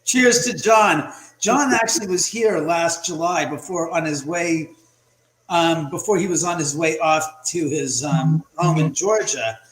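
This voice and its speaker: A man on a home video call, telling a ghost story in a casual, animated way and acting out the lines of the people in it. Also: on the high side, measured pace, roomy sound, low-quality recording. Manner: storytelling, animated, acts out quotes. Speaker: guest, house owner and author. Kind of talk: casual livestream chat.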